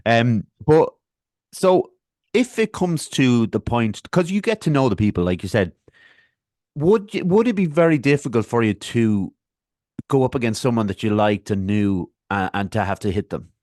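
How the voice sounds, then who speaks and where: A male podcast host talks in a relaxed, rambling way, circling his questions with fillers. His voice sits mid-range and sounds dry and close to the mic. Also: medium pitch, moderate pace, no echo. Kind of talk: casual interview chat.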